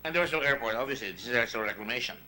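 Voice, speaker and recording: A man's voice: mid-range voice, animated, very fast, bright, forceful tone, a little hiss or hum, low-quality recording. A man with a Filipino accent chairing a senate hearing, questioning witnesses emphatically and wandering into asides. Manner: emphatic, digressive, reads out past exchanges.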